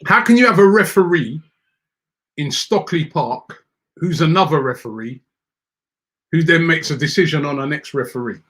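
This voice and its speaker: A man hosts a football fan show and reads out viewer comments. He rants in an animated, exasperated way, stumbling over repeated words as he gets worked up. His voice sits a little higher than most men's. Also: moderate pace, pauses often. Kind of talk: animated casual rant.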